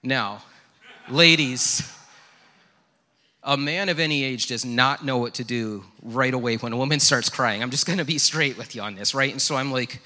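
Middle-aged male pastor, bright and forceful tone, chatty sermon storyteller, reverberant church hall. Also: mid-range voice, unhurried. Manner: storytelling, conversational and self-deprecating. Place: church sanctuary.

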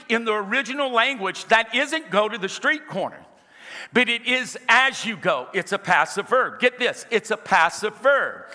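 A man's voice: very high-pitched, pushed and bright. A man preaching a sermon, telling his own story and calling on the congregation to repeat key phrases back to him. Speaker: pastor. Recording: long hall reverb.

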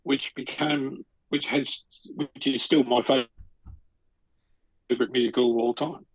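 Aussie guy co-hosting a podcast, rambly storyteller, slightly husky, dry close sound. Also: mid-range voice, fairly even intonation, measured pace, no room sound, poor audio. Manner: chatty, storytelling with lots of restarts. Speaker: podcast co-host. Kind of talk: casual chat.

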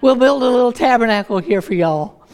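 A woman voicing Peter as an excited male disciple who stumbles eagerly over his words. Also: on the high side, a little fast, pitched above the performer's own voice, natural voice.

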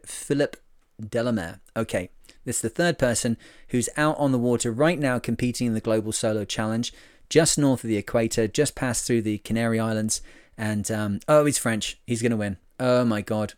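Guy doing a solo podcast, loose and jokey, mid-pitched voice, dry sound. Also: steady tone, normal speed, darkish tone, clean tone, no echo. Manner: rambling and jokey, with many fillers and self-mocking asides. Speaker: podcast host. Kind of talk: casual solo podcast monologue.

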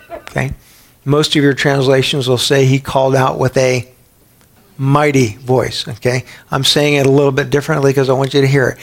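A man's voice: mid-range voice, fairly even intonation, moderate pace, pauses often. A middle-aged man preaching a Bible teaching sermon in a conversational way, sometimes acting out quoted voices. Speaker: pastor.

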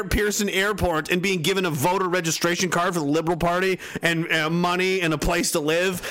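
A man's voice: high-pitched, fairly even intonation, a little fast, few pauses, pushed and bright. A man streaming, ranting in a sarcastic, rambling way with stumbling restarts. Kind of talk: casual ranting commentary. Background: music.

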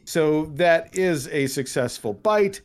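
A man running a tabletop game with a lively, swooping voice. He narrates with animated, vivid storytelling. His pitch leaps up at the dramatic moments. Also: takes it slowly, clean tone. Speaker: game master.

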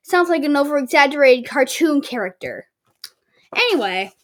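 A woman's voice: high-pitched, sing-song, moderate pace. A woman hosting a casual home podcast, reading a book aloud with stumbles and sarcastic asides. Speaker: podcast host.

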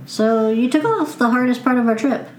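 A woman's voice: fairly high pitch, normal speed, darkish tone, roomy sound, slight background noise, poor audio. A woman playing a tabletop game, talking in character in a chatty way. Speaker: player.

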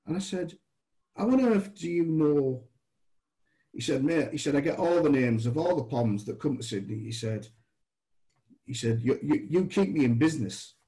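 Mellow British man telling stories. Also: medium pitch, moderate pace, poor audio. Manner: chatty, restarts, animated quoted dialogue. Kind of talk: casual anecdotal storytelling.

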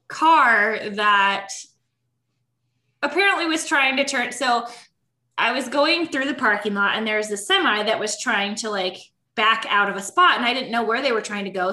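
A woman's voice: fairly high pitch, moderate pace, pushed and bright, echoey room. A woman telling a story in casual chat, rambling with lots of "like" and "you know".

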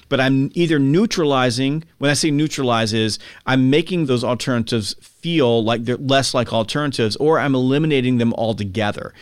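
A man as a podcast guest, explaining with emphatic energy and acting out buyers and sellers in quick quotes. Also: medium pitch, clear, resonant tone, dry recording, clean studio sound. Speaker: podcast guest, sales author. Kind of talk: conversational explaining.

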